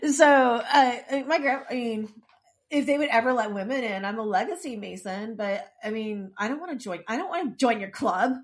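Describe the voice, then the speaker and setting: A woman's voice: a little high, normal speed. A woman co-hosting a podcast, casually recapping an episode with wry asides. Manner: chatty, wry asides, frequent restarts. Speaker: podcast co-host.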